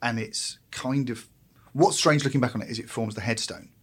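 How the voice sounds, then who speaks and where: A man's voice: medium pitch, normal speed, husky. A man on a podcast, working through long, thoughtful points about comedy. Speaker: podcast co-host. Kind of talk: casual chat.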